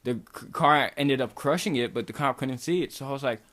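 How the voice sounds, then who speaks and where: A young man from Kentucky, a vlogger, casually tells a long, rambling story in a loose style, swearing a lot. His voice is medium-pitched, a bit bright, and a little fast.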